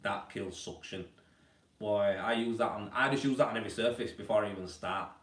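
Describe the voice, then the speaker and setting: A man's voice: on the low side, a little fast, fairly bright tone. A man hosting a casual live-stream Q&A about plastering, talking in a chatty, blokey way and calling viewers mate, at home indoors. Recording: roomy, distant from the mic.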